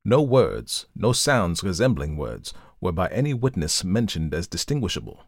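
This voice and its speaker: A man voicing a calm, methodical male detective who reasons aloud in a measured, lecturing way, in an audiobook reading. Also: low-pitched, vocal fry, no echo, studio quality, exaggerated voice. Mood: reasoning.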